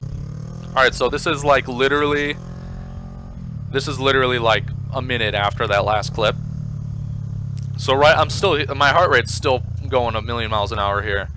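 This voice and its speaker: A man casually commenting on his own motorcycle footage, rambling with lots of fillers and getting excited as he retells it. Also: medium pitch, moderate pace, long pauses, background noise. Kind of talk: casual commentary over video.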